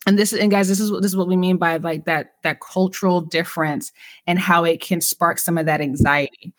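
Woman from California, lowish voice, reflective podcast host, lots of fillers, dry room. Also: steady tone, fairly quick, dry recording. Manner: reflective, many "you know" fillers, addresses listeners. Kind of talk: casual conversation on mental health.

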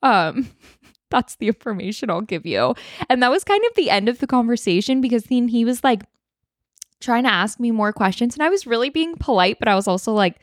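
A woman's voice: a little high, a little fast, no room sound, clean studio sound. A woman in her twenties, a podcast co-host, telling a story in casual chat, full of "like"s and laughs. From Sacramento area. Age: 20s. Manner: animated storyteller, laughs often, many "like"s.

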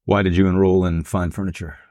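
A man's voice: low voice, level tone, fast, mellow, no echo, studio quality. A man hosting an interview, first reading an earnest, reflective introduction, then asking questions. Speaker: interviewer and host.

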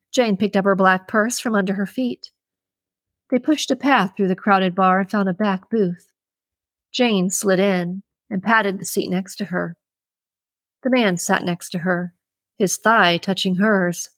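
A woman reading a thriller audiobook in an even, measured way. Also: medium pitch, dry recording. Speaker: audiobook narrator. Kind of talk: scripted audiobook narration.

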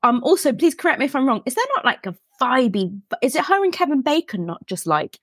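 A woman's voice: sits high, very animated, fast, fairly bright tone, husky, dry recording, studio quality. A British woman, a podcast guest, chatting animatedly and jumping between thoughts with frequent laughter. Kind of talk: casual chat.

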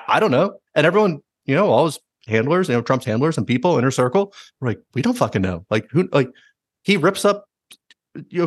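A man hosting a podcast in casual chat, talking fast and swearing freely, acting out quotes in mocking voices. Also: on the high side, husky, no room sound, studio quality. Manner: fast, animated, swears a lot, acts out quotes in jokey voices. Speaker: podcast host.

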